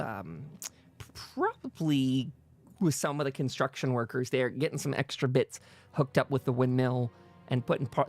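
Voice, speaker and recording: Gravelly man running a tabletop game. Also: medium pitch. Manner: rambling, with many fillers. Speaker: game master.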